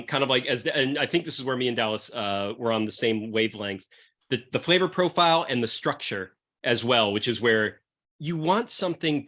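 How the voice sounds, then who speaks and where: A man with a medium-pitched, bright, forceful voice hosts a podcast pairing wines with comics. The chat is casual, loose and profane.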